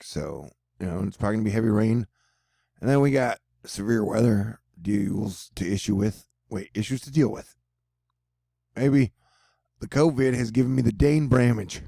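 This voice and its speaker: A Texan man chats his way through tropical storm forecasts in a dark, gravelly voice, cracking odd jokes as he goes. The sound is dry and close, like a home setup. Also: lowish voice, no echo. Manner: joking, rambling, offbeat asides. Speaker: weather video host. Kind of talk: casual storm-tracking commentary over forecast maps.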